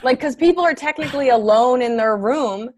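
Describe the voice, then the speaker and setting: A woman comedian talking in a casual interview, rambling, correcting herself and telling animated stories over a video call. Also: sits high, brisk, no room sound. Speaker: stand-up comedian guest.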